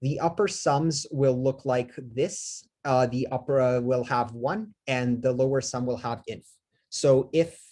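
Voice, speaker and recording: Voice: mid-range voice, darkish tone. Hesitant lecturer explaining calculus. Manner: hesitant, many fillers and self-corrections; asks the class questions. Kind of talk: live math lecture at a board.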